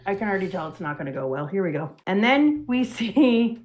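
A playful woman co-host chatting casually about the comics she reads as a mother. She keeps an even middle pitch but bursts into animated, dramatic swings. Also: fairly quick. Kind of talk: casual chat.

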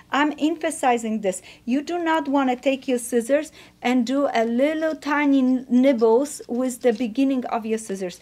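A woman's voice: sits high, normal speed, few pauses, a little mellow. A woman teaching a quilting demonstration, gushing and encouraging, often exclaiming how wonderful each step is. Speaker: quilting teacher and show host. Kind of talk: instructional demonstration.

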